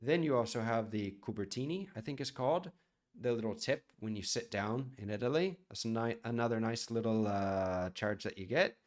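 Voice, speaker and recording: Man, from the US, chef streamer, casual chat, rambling, fairly low voice. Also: moderate pace. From United States. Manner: chatty, rambling, answers viewer chat.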